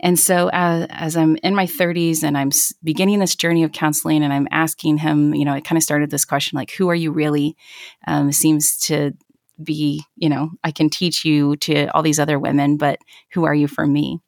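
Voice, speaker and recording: A woman's voice: deep voice, little pitch movement, moderate pace, darkish tone, no echo, studio quality. A woman in her thirties sharing a personal faith story in an interview, earnest and reflective, often restarting her sentences. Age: 30s. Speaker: guest.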